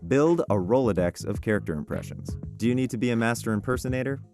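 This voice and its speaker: A man's voice: medium pitch, fast, darkish tone, faint music behind. A voice actor, a man, giving upbeat and encouraging career tips in a casual, conversational way. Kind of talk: casual advice vlog.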